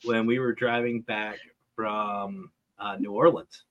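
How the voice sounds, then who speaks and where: A man's voice: on the low side, little pitch movement, takes it slowly, highs cut off. A man hosting a casual comedy panel, calling on guests and telling stories with many stammered restarts. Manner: stammering, joking, storytelling. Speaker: host.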